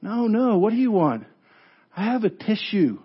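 A man preaching a sermon as pastor, telling stories with animated delivery and frequent restarts. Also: high-pitched, moderate pace, husky, muffled recording. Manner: animated storytelling with repeated restarts.

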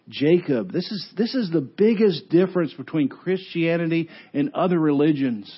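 In a husky voice on a muffled recording, a male pastor delivers a sermon, bringing the story alive with quoted voices and going low and quiet to emphasize key words.

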